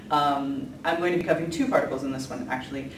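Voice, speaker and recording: A woman's voice: extremely low pitch, quick pace. A woman giving a casual, chatty lesson, with many ums and light laughs. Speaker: language teacher. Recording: echoey room from a distance, faint noise.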